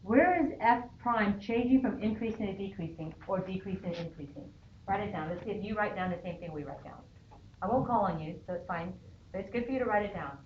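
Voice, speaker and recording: A woman's voice: medium pitch, brisk. A woman math teacher lecturing a class and checking in often with "okay?". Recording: dull lo-fi sound in an echoey classroom with faint noise.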